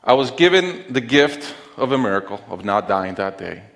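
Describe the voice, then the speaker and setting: A man's voice: on the low side, very animated, gravelly, fairly bright tone. Earnest man speaking in an echoing auditorium. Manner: deliberate, earnest, heartfelt delivery with pauses. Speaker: conference speaker. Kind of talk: personal storytelling talk on stage. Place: stage in a large auditorium. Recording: long reverb of a large auditorium.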